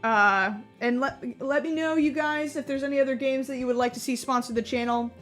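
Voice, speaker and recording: A young woman gives casual commentary on a cozy game. She talks in a chatty, rambling way and leans on lots of fillers. Her voice is high-pitched, with quiet game music underneath. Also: fairly even intonation, fairly quick. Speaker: gaming YouTuber.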